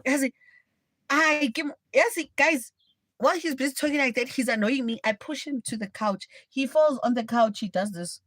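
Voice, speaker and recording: A woman's voice: high voice, normal speed, fairly bright tone, dry recording. A young woman with a South African accent, hosting a livestream and telling a story bluntly and dramatically. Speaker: livestream host. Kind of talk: casual storytelling.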